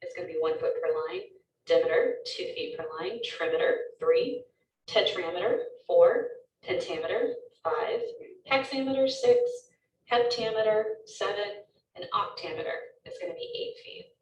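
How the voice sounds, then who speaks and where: A woman's voice: medium pitch, normal speed, echoey room, distant mic, muffled recording, a little hiss or hum. A woman teacher giving a recorded lecture, explaining step by step with frequent ums.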